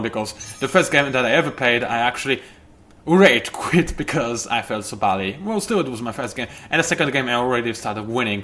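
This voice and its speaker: A man's voice: mid-range voice, fairly bright tone. A man hosting a let's play, giving chatty, rambling gameplay commentary and often correcting himself.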